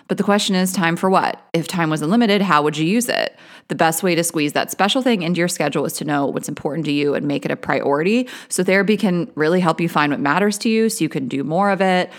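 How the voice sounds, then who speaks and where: A woman reading a sponsor ad on a podcast in an upbeat, earnest tone. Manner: upbeat, earnest sales pitch. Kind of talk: host-read ad.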